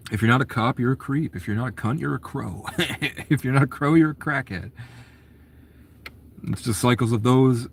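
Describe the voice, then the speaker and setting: A man in a rambling, profane monologue, jumping between ideas in restless bursts. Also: mid-range voice. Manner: profane, conspiratorial rant, jumps between ideas. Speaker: documentary subject.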